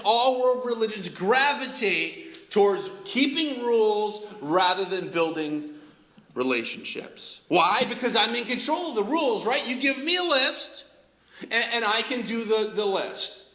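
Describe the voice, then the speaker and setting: A male pastor delivers a sermon in a high, bright, forceful voice. He talks in an animated, conversational way, acting out quoted lines and repeating words as he restarts. The sound rings through an echoey room.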